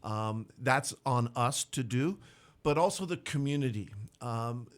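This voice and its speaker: Candid city manager on radio. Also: male voice, medium pitch, animated. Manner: measured, candid, dry sarcastic asides. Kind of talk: radio interview guest.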